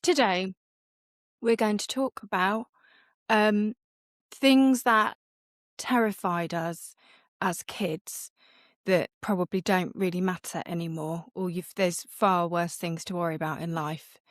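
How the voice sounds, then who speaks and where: Slow and fairly even in intonation, a lowish-voiced middle-aged woman plays the mother as co-host of a podcast. The casual chat is full of her self-mockery and frequent laughs, recorded dry and clean in the studio.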